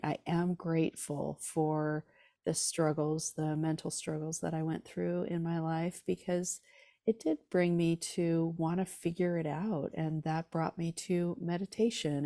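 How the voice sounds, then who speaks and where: A woman's voice: sits low, vocal fry, dark tone, no echo, clean studio sound. A woman guest on a podcast, speaking earnestly and reflectively about her inner life. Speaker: author and musician guest. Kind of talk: reflective interview talk.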